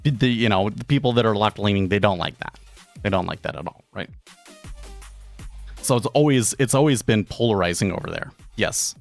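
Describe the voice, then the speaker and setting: A man with a lowish, gravelly voice speaks at normal speed with soft music behind him. Running a day trading stream, he chats casually and rambles through an anecdote, raising his voice to act out the people in it.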